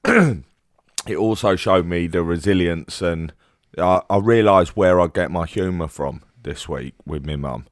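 Very deep-voiced Cockney man. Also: measured pace, no room sound, studio quality. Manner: laid-back and blokey. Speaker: podcast co-host. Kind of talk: casual podcast chat.

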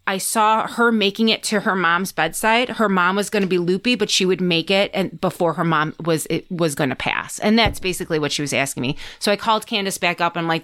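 A woman's voice: on the low side, a bit bright. Chatty woman telling a story. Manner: chatty, acts out her own and others' lines, swears freely. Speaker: podcast guest, psychic. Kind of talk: casual storytelling chat.

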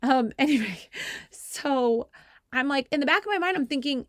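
Female podcast host, 30s, chatty and self-deprecating, bursts into shouted quotes, dry close sound. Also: high voice, animated, normal speed, no room sound. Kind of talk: casual storytelling.

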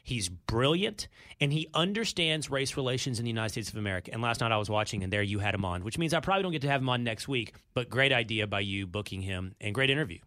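A man's voice: medium pitch, expressive, quick pace, sharp tone. A man co-hosting a talk show, chatting casually and getting emphatic and fired up. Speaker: radio talk show co-host. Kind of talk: opinionated talk radio banter.

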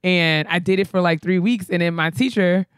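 A woman in her thirties, co-hosting a casual podcast chat, telling childhood stories in an animated way and laughing often. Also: fairly low pitch, normal speed, smooth, dry recording, studio quality. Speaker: podcast co-host.

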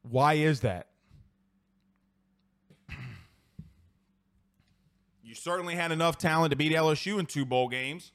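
A man's voice: a little high, measured pace, pauses often, fairly bright tone, smooth. A man from South Louisiana with an accent from there, hosting a sports talk show and ranting in a heated, profane way while reading live comments.

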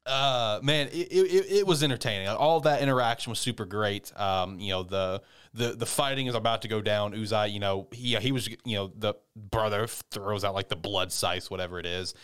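A man's voice: moderate pace, fairly bright tone, clean tone. Rambling, swearing man recapping anime. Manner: rambling, profane, acts out characters in squeaky high voices. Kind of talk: casual anime recap chat.

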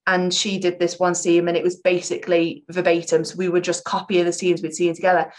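A young woman who performs improv, chatting in an interview with a slightly low voice. She talks in an animated, rambling way and likes to poke fun at herself. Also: a little fast. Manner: chatty, animated, self-mocking. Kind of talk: casual interview chat.

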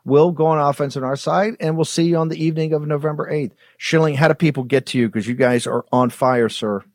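A man hosting a political talk show, brisk and combative, rallying his audience between guests. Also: a little high, steady tone, dry recording, clean studio sound. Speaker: host.

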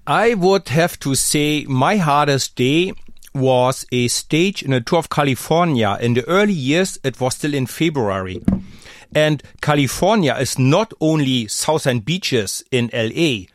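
A man and former pro cyclist chatting casually on a podcast, telling stories with animated flair and acting out the people he quotes. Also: mid-range voice, unhurried, dry recording, clean studio sound. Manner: animated storyteller, acts out quoted speech. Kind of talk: casual podcast chat, storytelling.

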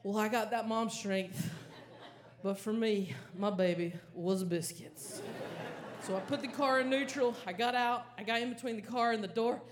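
A woman stand-up comedian, telling a story on a comedy club stage with lively, frantic acted-out panic. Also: on the high side, normal speed. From American South. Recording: audible live crowd ambience.

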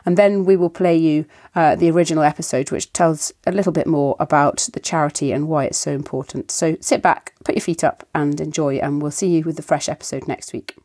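Croaky-voiced woman hosting a podcast. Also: low voice, steady tone, fairly quick, hardly any pauses, dark tone, no echo, studio quality. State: croaky voice from a cold. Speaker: podcast host. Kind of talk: scripted podcast introduction.

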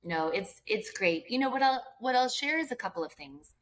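A woman's voice: on the high side, animated, moderate pace. A woman guest author from Philadelphia talking about resilience in casual interview chat, earnest and explaining with frequent "right?" and "like".

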